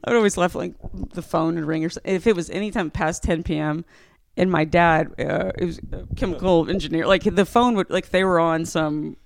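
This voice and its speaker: A woman's voice: lowish voice, fairly quick, creaky, no room sound. A woman co-hosting a comedy podcast, chatting casually, teasing her co-host, laughing often and swearing freely. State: allergies.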